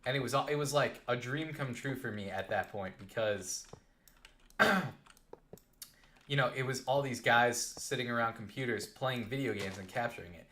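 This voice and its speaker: A young adult man telling a rambling, animated story while playing a game on a live stream. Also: mid-range voice, normal speed, a little hiss or hum.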